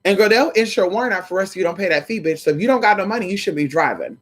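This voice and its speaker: Sassy, profane, lively-voiced livestream host. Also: medium pitch, very fast, breathy edge. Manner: sassy, profane, calls viewers honey and girl; animated, breaks into quoted voices. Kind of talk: casual livestream chat.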